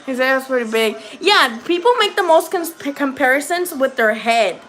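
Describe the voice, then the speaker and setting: Woman host, home livestream, chatty and foul-mouthed, high and bright. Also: expressive, moderate pace. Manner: profane, chatty, often laughing. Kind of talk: casual livestream chat reacting to boxing.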